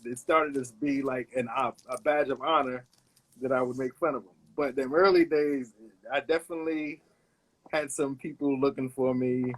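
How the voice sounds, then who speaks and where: A relaxed man in his fifties from Brooklyn talks through old stories as an interview guest. He takes his time and drops in plenty of "uh"s, and his voice sits at an ordinary middle pitch. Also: moderate pace. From Brooklyn, New York. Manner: laid-back, anecdotal, hesitates with "uh", laughs along. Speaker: guest, illustrator. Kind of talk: casual storytelling interview.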